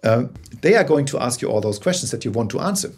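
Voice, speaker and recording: A man speaks as a guest on a remote interview, his voice slightly husky. He explains in a conversational way, often restarting sentences and sometimes rising into animated bursts. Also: mid-range voice, fast talker. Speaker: guest, corporate storyteller.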